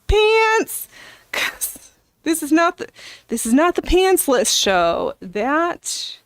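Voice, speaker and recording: A middle-aged woman hosting a casual livestream, rambling and chatting with viewers in a slow, drawn-out way, with soft whispered asides. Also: high voice, dry recording, studio quality. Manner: rambling, chatty, reads and answers viewer chat. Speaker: livestream host. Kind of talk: casual livestream chat while sewing.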